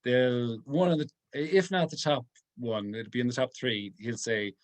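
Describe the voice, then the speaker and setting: Halting, earnest priest. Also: male voice, medium pitch. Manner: halting, thinking aloud with many pauses. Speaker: priest giving a talk. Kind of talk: informal talk to a group.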